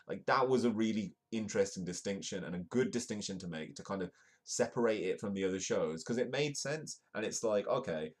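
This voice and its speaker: Deep-voiced British man reading comic news. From United Kingdom. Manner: reads news aloud with joking asides and laughs. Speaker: host. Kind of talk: live-streamed comedic news reading.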